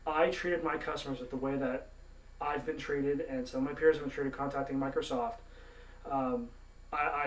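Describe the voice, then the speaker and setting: A Canadian man rants to camera about gaming, mouthy, indignant and free with curse words. His voice sits at a middling pitch. It is recorded in a roomy space with the mic some distance off. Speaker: gaming vlogger. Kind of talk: ranting monologue to camera.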